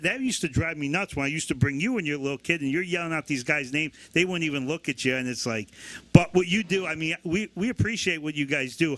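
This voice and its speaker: A man's voice: fairly high pitch, a bit bright, no room sound. A man hosting a casual interview, chatty and full of agreement. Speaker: host.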